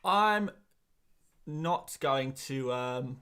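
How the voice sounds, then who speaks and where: A man's voice: mid-range voice, animated, very slow, pushed and bright, clean tone. A man with an English accent, hosting a live stream and answering viewers in a rambling, self-deprecating way, often repeating words, from a small cupboard-like room. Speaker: host.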